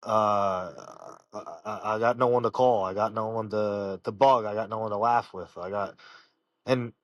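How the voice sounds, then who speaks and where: A man, a professional fighter, telling personal stories in an interview, halting and full of fillers and restarts. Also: on the low side, fairly even intonation, dry recording. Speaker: professional fighter, podcast guest. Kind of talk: casual interview storytelling.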